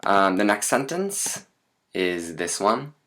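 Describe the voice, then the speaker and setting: A man teaching a lesson in a relaxed, chatty way, with many fillers and asides. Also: fairly low pitch, slow pace.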